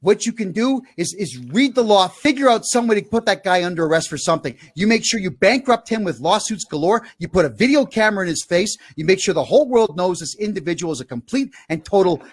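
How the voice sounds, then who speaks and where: Man, high voice, furious shouting rant, talk-show host. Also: lively intonation, quick pace, hardly any pauses, slightly rough. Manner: loud, angry, shouting at the audience.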